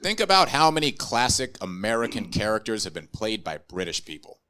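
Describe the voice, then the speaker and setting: A man's voice: fairly low pitch, very animated, a little fast, bright, forceful tone. Dry, ironic male stand-up comic. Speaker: stand-up comedian. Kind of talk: stand-up comedy.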